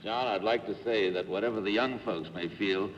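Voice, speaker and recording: A man on a television quiz panel, asking crisp, measured questions. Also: lowish voice. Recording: lo-fi 1950s broadcast with hall reverb and faint hiss.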